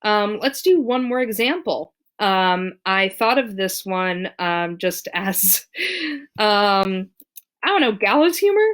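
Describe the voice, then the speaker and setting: A woman's voice: medium pitch, animated, slow pace, a bit bright. A woman teaching ukulele in a casual tutorial, counting beats aloud with many ums. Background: her own ukulele strumming.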